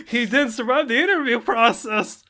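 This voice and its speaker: A man's voice: very high-pitched, sharp tone. A man hosting a casual podcast, introducing everyone with playful, grandiose flair. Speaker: podcast host.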